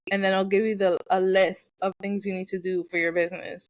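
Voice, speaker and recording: A woman co-hosting a podcast in casual chat, animated and often laughing as she tells stories. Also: mid-range voice, fairly quick. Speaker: podcast co-host.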